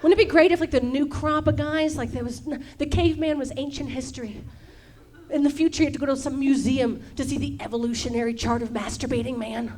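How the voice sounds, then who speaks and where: High-voiced woman doing playful musical stand-up. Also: fairly even intonation, quick pace, darkish tone, a faint crowd. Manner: playful, laughing, acts out silly voices. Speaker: stand-up comic. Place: comedy club stage. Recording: live stage recording with clear music. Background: guitar and audience laughter.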